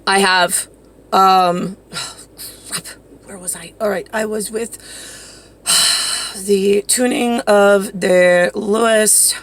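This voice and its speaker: Gravelly woman rambling and swearing. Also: mid-range voice, steady tone, slow pace, fairly bright tone. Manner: rambling, profane, jumps between topics. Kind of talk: rambling monologue to camera.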